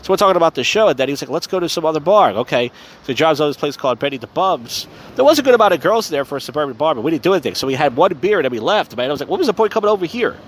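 A man's voice: on the high side, sing-song, rapid-fire. A drunk man rambling crudely through a self-deprecating podcast monologue outdoors on a city street at night. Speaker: podcast host. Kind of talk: casual rambling podcast monologue, live streamed.

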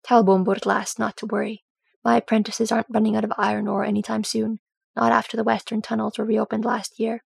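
A woman's voice: fairly high pitch, little pitch movement, a little fast, gravelly, husky, no echo, exaggerated voice. A woman voicing a practical dwarf queen who works as a smith, with a dry, wry manner in a storybook reading. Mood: kindly.

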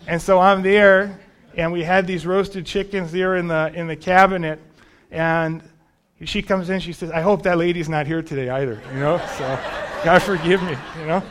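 A man's voice: high-pitched, fairly even intonation, normal speed, fairly bright tone. A man preaching a sermon, telling a personal testimony in a conversational, storytelling way. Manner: storytelling, conversational, self-deprecating.

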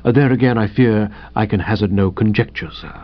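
A man's voice: fairly low pitch, lo-fi sound, voice pushed down, close to an everyday voice. Man reading as a grave, formal valet. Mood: imperturbable. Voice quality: measured, formal and unruffled. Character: grave, deferential male valet, middle-aged.

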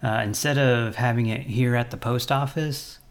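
A man making prank phone calls, taunting and teasing the people he calls in a calm voice. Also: medium pitch, moderate pace. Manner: mocking, taunting, calmly teasing. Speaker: prank caller.

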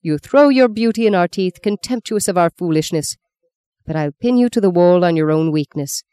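A woman's voice: lowish voice, lively intonation, moderate pace, mellow, clean tone, no echo, close to an everyday voice. A woman voicing a scheming, sardonic old woman who speaks curtly and mockingly. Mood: taunting. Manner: mocking, curt, taunting.

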